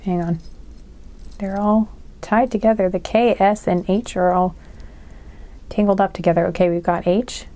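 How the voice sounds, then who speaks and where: Mellow-voiced woman giving a tarot reading. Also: mid-range voice, fairly even intonation, normal speed, pauses often. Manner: rambling and chatty, with many fillers. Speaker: tarot reader. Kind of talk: casual spoken tarot reading.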